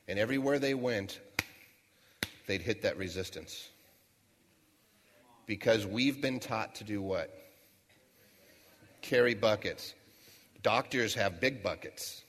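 Long pauses break up this measured, lowish male voice, which has a fairly bright quality. The middle-aged motivational speaker is giving a storytelling keynote in a large hall with long reverb, weaving a folksy story and rhetorical questions for the audience.

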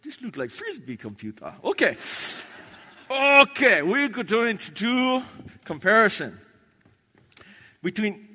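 A man's voice: sits high, big pitch swings, slow, pauses often, pushed and bright, slightly rough. A man doing stand-up on stage in a large hall, talking in clipped broken English and chanting lists of names. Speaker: stand-up comedian.

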